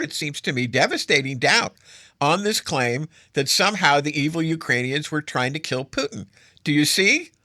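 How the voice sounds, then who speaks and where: A man's voice: fairly high pitch, sharp tone, dry recording, clean studio sound. A man hosting solo political commentary, sarcastic and emphatic, stacking up adjectives as he argues.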